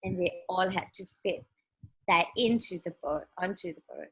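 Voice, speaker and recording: A Malaysian woman in her thirties, a chef guest telling stories in a lively casual interview, laughing often and acting out quotes. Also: lowish voice, normal speed, slightly rough, poor audio. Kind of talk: casual radio interview storytelling.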